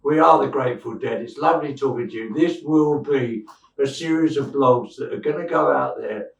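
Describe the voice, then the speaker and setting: Gravelly man in his seventies, echoey room. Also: medium pitch, moderate pace, far from the mic. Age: 70s. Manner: rambling, bawdy anecdotes. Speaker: podcast co-host. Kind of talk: casual chat, storytelling. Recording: echoey room, away from the mic.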